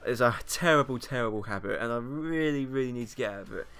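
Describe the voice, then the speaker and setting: A man's voice: mid-range voice, fast talker, fairly bright tone, smooth. A young British man chatting casually to camera, rambling and self-mocking, often laughing between points. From Britain. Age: young adult. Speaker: YouTuber. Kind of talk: casual vlog monologue.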